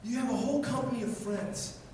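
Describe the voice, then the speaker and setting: Impassioned preacher, high voice, echoing hall. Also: male voice, brisk, slight background noise. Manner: impassioned, repeats phrases, swings from loud to hushed. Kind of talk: sermon. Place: large church hall. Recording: echoey hall, mic far off, faint ambience.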